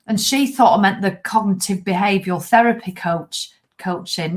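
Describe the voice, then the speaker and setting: Woman, middle-aged, fitness vlogger; chatty, blunt, animated telling, mid pitch. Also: moderate pace, hardly any pauses. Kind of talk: casual chat to viewers.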